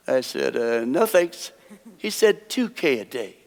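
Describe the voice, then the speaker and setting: With a gravelly, somewhat high voice and a moderate pace, this man mixes card magic with folksy anecdotes for a theater audience, chuckling whenever he lands a punchline. Long hall reverb from the stage surrounds his words.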